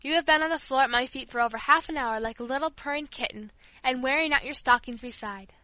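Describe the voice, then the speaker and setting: A woman's voice: high-pitched, fast, sharp tone, dry recording, low-quality recording. A woman voicing a devoted old female family servant who speaks tenderly and earnestly. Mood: fond.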